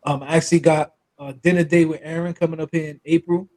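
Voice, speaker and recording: A man's voice: a little high, flat delivery, fast talker, darkish tone, poor audio. A man hosting a podcast, talking in a laid-back, easygoing way. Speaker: podcast host. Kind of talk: casual podcast chat.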